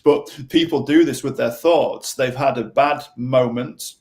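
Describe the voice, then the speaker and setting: A man talking as a podcast guest, giving animated advice and acting out quoted voices. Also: medium pitch, measured pace, few pauses. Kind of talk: conversational advice.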